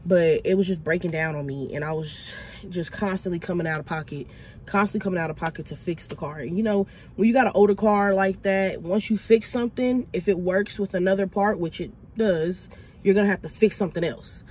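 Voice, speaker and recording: A young woman from Texas with a Southern accent, chatting quickly and excitedly to viewers from inside her car in a casual vlog. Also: on the low side, a little hiss or hum. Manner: fast, excitable, chatty, addresses viewers as y'all. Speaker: vlogger. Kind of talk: casual vlog talk to camera.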